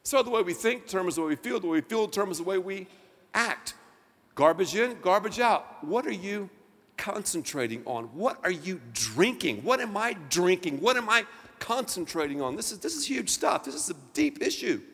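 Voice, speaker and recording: A man preaching a sermon as pastor, emphatic, rising to near shouts and dropping low. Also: big pitch swings, fairly quick, long reverb tail. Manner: emphatic preaching with wide swings of loudness and pitch.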